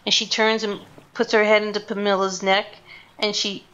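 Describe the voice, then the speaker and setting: A woman's voice: mid-range voice, flat delivery, normal speed, a bit bright, lo-fi sound. A woman narrating a tabletop game as game master, talking hesitantly with restarts.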